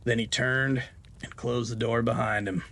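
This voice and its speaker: A man's voice: medium pitch, fairly even intonation, normal speed, gravelly, sharp tone. A man hosting a podcast of Western horror tales, narrating a story in a folksy, homespun way.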